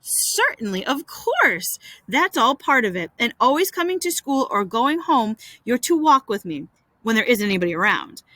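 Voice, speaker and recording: An eager, boastful schoolboy from a storybook, coaxing and bragging in a bright, lively voice, as a woman reads him aloud. The delivery is dry and close, with the pitch bouncing high as he pleads. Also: normal speed, dry recording. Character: boastful young schoolboy smitten with a girl.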